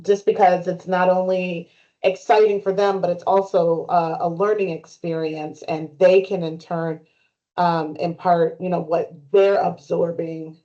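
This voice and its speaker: A woman speaking at a town committee meeting, halting with many fillers and restarts. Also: fairly low pitch, warm tone. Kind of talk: meeting discussion. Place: meeting room. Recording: muffled meeting recording.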